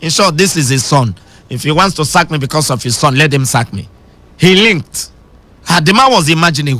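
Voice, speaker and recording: Bright, lively preacher man. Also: a little high, moderate pace, dry recording. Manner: emphatic preaching that swings between shouting and sing-song. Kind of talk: radio sermon.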